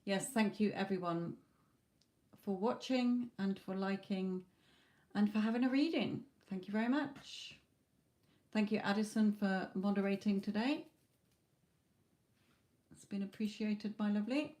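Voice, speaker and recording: A woman's voice: medium pitch, a little slow, pauses often, mellow. Tired woman giving a tarot reading. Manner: chatty, reassuring, says okay and you know often. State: tired, losing her voice. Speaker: tarot reader. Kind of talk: live-stream tarot reading.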